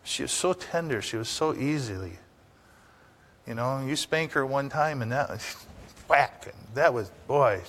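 A man's voice: mid-range voice, animated, unhurried, fairly bright tone. Older man preaching a folksy sermon. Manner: folksy, anecdotal, rhetorical questions to the congregation. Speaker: pastor.

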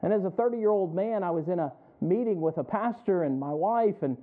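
A male pastor preaching a sermon as a personal story, calling on listeners by name and building to loud emphatic peaks. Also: high voice, lively intonation, fairly quick. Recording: tinny phone-like audio.

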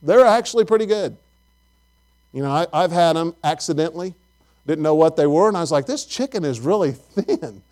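A man's voice: fairly high pitch, moderate pace. A middle-aged man preaching a sermon and telling folksy family stories. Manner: storytelling, folksy and animated. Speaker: pastor.

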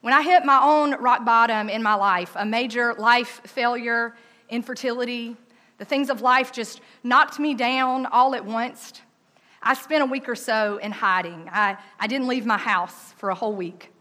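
A woman telling a personal story in a lively, conversational way, with frequent "um" and "like". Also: fairly high pitch, measured pace.

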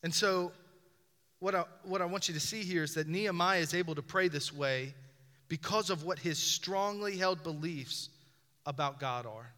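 A man's voice: fairly high pitch, normal speed, sharp tone. A man preaching a sermon as pastor, building emphasis with repeated phrases and direct appeals to his listeners. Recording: reverberant hall.

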